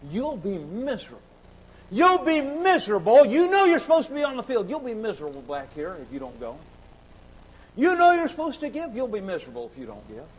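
A man preaching a sermon, impassioned and repetitive, swinging between shouts and hushed pleading. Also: sits high, huge pitch swings, fast, husky, low-quality recording. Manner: sings hymn lines briefly.

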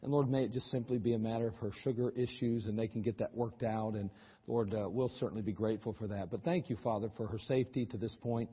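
A man's voice: on the low side, fairly even intonation, fast, slightly rough, long reverb tail, muffled recording. A male pastor giving a sermon, telling a folksy story and reading scripture aloud in an archived church recording. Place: church sanctuary.

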